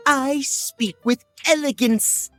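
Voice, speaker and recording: An actor voicing a fussy, prim cat-eared gentleman. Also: high-pitched, slow, soft background music, exaggerated voice. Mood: haughty. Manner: haughty, fussy, clipped elocution. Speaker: game character voice. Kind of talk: video game voice acting.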